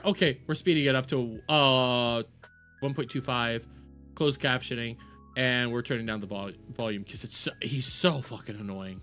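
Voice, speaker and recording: A man streaming a reaction video, talking casually with profanity and mockery, jumping from shouts to low mutters. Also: normal speed, soft background music. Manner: loud, profane, mocking, swings between shouts and mutters. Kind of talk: casual livestream reaction commentary.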